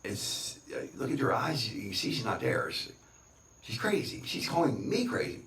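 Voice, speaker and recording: A man's voice: fairly low pitch, sing-song, normal speed, a bit bright. A man talking to camera in a rambling, boastful, repetitive rant. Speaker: vlogger. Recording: roomy, distant from the mic.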